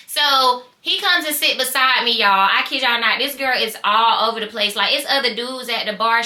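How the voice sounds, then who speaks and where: Animated Southern woman telling a story. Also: high voice, roomy sound. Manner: animated, slangy, acts out quoted voices. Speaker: storytime vlogger. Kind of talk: casual storytime.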